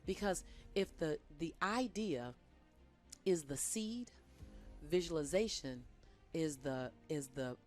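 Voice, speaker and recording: A woman's voice: sits low, animated, slow pace. A woman talking earnestly as a guest in an interview, often repeating her phrases for emphasis. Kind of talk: conversational interview. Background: faint background music.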